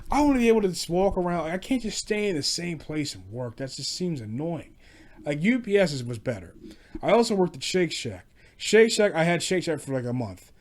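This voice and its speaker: A man telling casual stories about past jobs, rambling and profane, with frequent restarts. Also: fairly high pitch. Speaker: podcast host. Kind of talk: casual solo storytelling rant.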